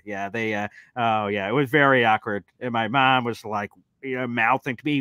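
Male host, bright and animated anecdote-teller, tight dry sound. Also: medium pitch, normal speed, clean tone, no echo. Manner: animated, acts out voices in his anecdotes. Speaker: show host. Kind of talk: casual chat.

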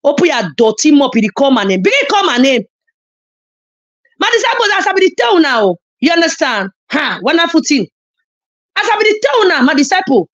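A woman with a Nigerian Pidgin accent delivers a heated online rant, scolding and cursing in loud, emphatic bursts. Her high voice leaps and plunges all over the place. The sound is dull and lo-fi, like a phone recording. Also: sing-song, moderate pace. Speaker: social media commentator.

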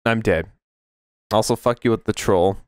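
A man commentating a gameplay video, panicking and swearing, his voice jumping into high squeals. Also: normal speed, clean tone, no echo, clean studio sound. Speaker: gaming video creator. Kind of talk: let's play commentary.

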